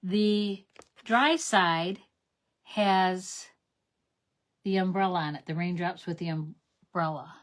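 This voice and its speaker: A woman's voice: on the low side, takes it slowly, pauses often. A middle-aged woman hosting a card-making tutorial, chatty and enthusiastic, explaining each step and often correcting herself. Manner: chatty and enthusiastic, talks to viewers as "you guys". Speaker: craft demonstrator, channel host.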